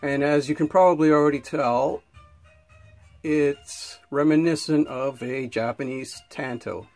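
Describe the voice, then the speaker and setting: A man's voice: a little high, unhurried, a little mellow, faint music behind. A man giving a casual unboxing review, rambling with many restarts and fillers and getting worked up as he rants. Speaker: knife reviewer.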